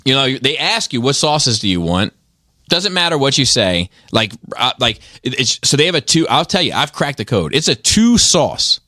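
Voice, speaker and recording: Male podcast host, animated rambler, dry studio mic. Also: medium pitch, normal speed, few pauses, no echo. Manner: rambling, laughs often, full of restarts. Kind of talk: casual podcast banter.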